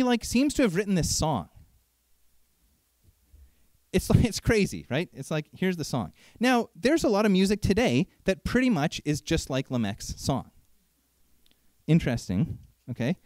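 A man preaching a sermon in an animated, conversational way, asking frequent rhetorical questions. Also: fairly high pitch, dry recording.

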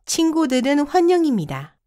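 Female prompt reader for a lesson: very quick, lively pitch, slightly high voice. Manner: reads each short prompt once, crisply. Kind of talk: brisk reading of Korean prompts.

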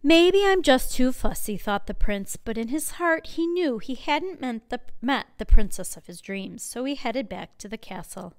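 A woman librarian reading a picture book aloud at a children's storytime, expressive and full of sound effects. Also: on the high side, normal speed, few pauses.

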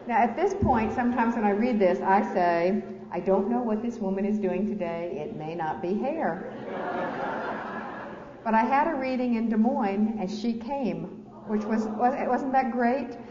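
A woman's voice: fairly high pitch, measured pace. Candid woman author speaking in an echoey hall. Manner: candid, self-deprecating, laughs with the audience. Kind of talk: reading from her memoir with spoken asides. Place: large lecture hall. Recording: echoey hall, dull lo-fi sound, faint hiss.

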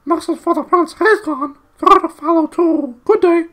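A man voicing a sleepy, fussy male owl in a storybook, with a shrill, cooing voice. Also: moderate pace, sharp tone. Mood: drowsy.

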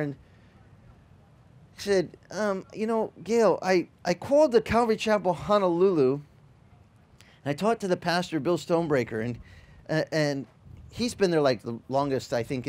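A middle-aged man, a pastor, telling a story in a sermon with an animated, chatty manner, acting out other people's lines. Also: medium pitch.

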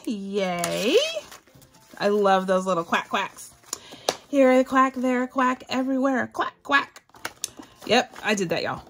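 A woman's voice: on the high side, a bit bright, a little hiss or hum. A woman from the Southern US with a Southern accent, chatting casually and giggling as she hosts a cash budgeting vlog. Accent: Southern American. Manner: bubbly, giggly, talks to viewers as y'all. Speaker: budgeting channel host.

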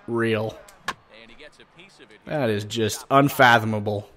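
Slow-talking man reacting to gameplay. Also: mid-range voice. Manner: excitable, jokey, swings between muttering and loud outbursts. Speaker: gaming commentator. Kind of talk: casual gameplay commentary.

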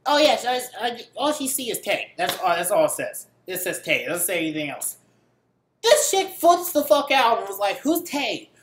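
A man's voice: high voice, big pitch swings, normal speed, fairly bright tone, slight background noise. Young male vlogger, rambling profane rant, echoey room. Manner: profane, rambling, acts out quoted voices. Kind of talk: casual ranting monologue.

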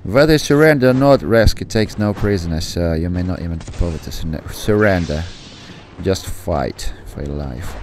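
A man giving live gaming commentary, excitable and rambling, who swears and then apologizes. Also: low-pitched, normal speed, slight background noise. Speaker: gameplay commentator.

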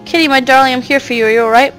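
A woman's voice: sits high, steady tone, very fast, fairly bright tone, faint music behind. A woman voicing a troubled young girl who pleads anxiously with her cat and the adults around her. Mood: pleading.

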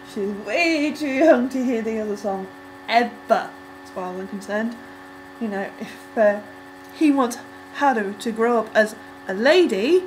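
A young woman casually reacting to a music video, rambling with lots of ums and likes and breaking into excited squeals. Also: a little high, unhurried, a little hiss or hum, rough recording.

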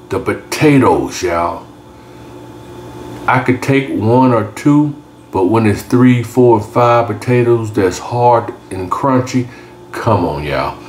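A man's voice: sits low, reverberant, slight background noise. A man hosts a cooking video in a home kitchen, talking in a laid-back drawl and saying y'all often. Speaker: cooking channel host. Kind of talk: casual cooking tutorial narration.

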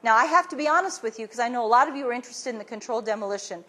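A woman speaks to an audience at an event, her voice high and a little husky. She tells her story with energy, acts out other people's lines as she quotes them, and often restarts her sentences as she goes. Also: lively intonation, very fast, bright, forceful tone. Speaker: speaker giving a talk. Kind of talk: animated storytelling talk to an audience.

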